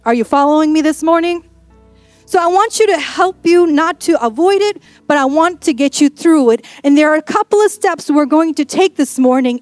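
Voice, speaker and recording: A woman pastor delivering a sermon in a playful, sassy storytelling manner. Her voice sits high and carries emphasis. The sound is dry and close, with faint music underneath. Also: darkish tone, dry recording.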